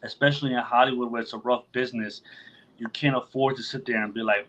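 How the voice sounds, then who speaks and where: On his podcast, a fast-talking man with a mid-range, fairly bright voice keeps the chat casual and profane, frequently performing other people's lines in their voices. The audio is dull.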